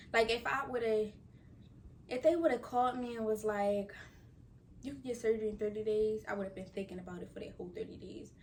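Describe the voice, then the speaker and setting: A woman in her twenties, a vlogger, chats casually to camera while recovering from surgery, unable to bend down, telling a story and acting out her own thoughts. Her voice is mid-range, picked up by a distant mic with slight background noise, and the audio quality is poor.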